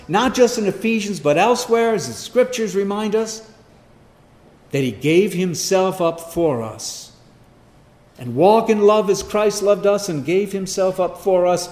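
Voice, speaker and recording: A man preaching an expository sermon, emphatic, swinging between loud stress and hushed asides. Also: fairly high pitch. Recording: echoey hall, long reverb.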